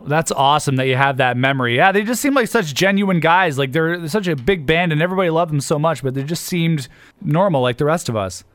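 A man's voice: on the high side, lively intonation, a bit bright, no room sound. A man hosting a call-in radio show, chatting with callers in a friendly, agreeable way. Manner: friendly, agreeable, quick replies. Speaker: radio host. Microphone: studio mic.

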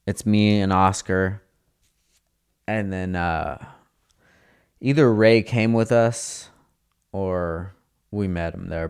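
A man's voice: low-pitched, a little mellow, smooth. A young man telling a casual, profane story in slang, acting out the lines of the people in it. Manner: profane, laid-back, slangy, acts out quoted dialogue.

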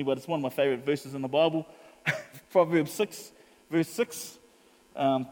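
Kiwi pastor guy preaching, kinda high voice, chatty, acts out little convos, big hall echo. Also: darkish tone. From New Zealand. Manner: chatty storytelling, acts out dialogue, laughs often. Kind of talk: sermon.

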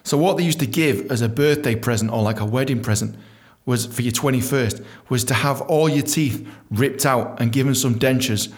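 A man hosting a storytelling podcast, animated, swearing freely and acting out quotes. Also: mid-range voice, moderate pace. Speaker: podcast host.

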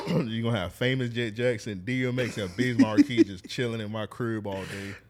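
A man's voice: mid-range voice, fairly even intonation, moderate pace. A man in his thirties co-hosting a podcast, talking in laid-back, joking slang. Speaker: podcast co-host. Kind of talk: casual chat.

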